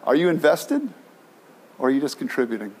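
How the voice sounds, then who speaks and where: This male pastor's voice is medium in pitch and somewhat dark in tone, with huge pitch swings and a slightly fast pace. He delivers a fervent sermon at a church in San Francisco, repeating himself and frequently starting phrases over.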